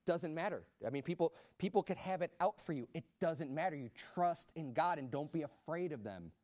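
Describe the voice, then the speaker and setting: A man preaching a sermon in a conversational way, rising to loud emphatic peaks. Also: fairly high pitch, lively intonation, brisk, dry recording.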